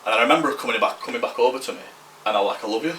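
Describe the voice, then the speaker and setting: A man's voice: medium pitch, rapid-fire, sharp tone, echoey room, recorded from a distance. A man, telling a rambling story on a podcast, slangy and swearing freely. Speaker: podcast co-host. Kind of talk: casual storytelling.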